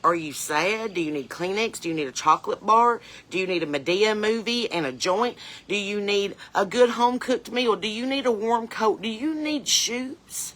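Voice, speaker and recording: A woman's voice: mid-range voice, moderate pace, hardly any pauses, a bit bright, close to an everyday voice. A woman playing a blunt, chain-smoking porch mom, talking in a folksy, earnest, rambling way. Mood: tearful. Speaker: comedian in character. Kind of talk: comedic character monologue.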